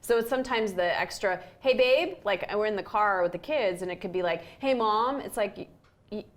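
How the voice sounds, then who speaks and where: A woman's voice: medium pitch, fairly quick. A woman co-hosting a relationship show, telling a story candidly and acting out quoted lines with animation.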